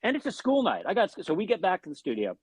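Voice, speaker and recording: A man, a guest musician, telling animated anecdotes in an interview, swearing often and restarting his sentences. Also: high-pitched, fast, breathy edge, no echo. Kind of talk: storytelling in an interview.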